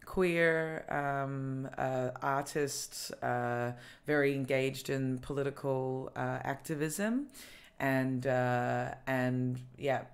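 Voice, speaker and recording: Young woman hosting a podcast from her apartment, pretty low voice, stops and restarts a lot, lots of ums. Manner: halting, lots of fillers and restarts. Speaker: podcast host. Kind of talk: casual chat.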